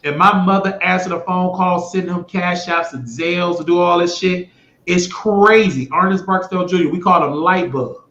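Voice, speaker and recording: A man hosting his own show, talking in a blunt, rambling monologue that swears freely and swings between loud bursts and mutters. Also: sits high, normal speed. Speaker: show host. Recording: echoey room, dull lo-fi sound.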